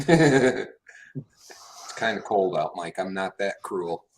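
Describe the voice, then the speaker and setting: A man's voice: deep voice, animated, very slow, a little hiss or hum. A man co-hosting a casual talk show, joking and teasing his friends. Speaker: podcast co-host. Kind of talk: casual chat.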